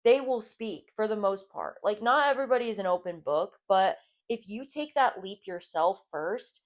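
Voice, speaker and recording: A woman's voice: mid-range voice, normal speed. A young woman hosting a solo podcast, talking candidly and casually, swearing freely and saying "like" a lot. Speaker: podcast host.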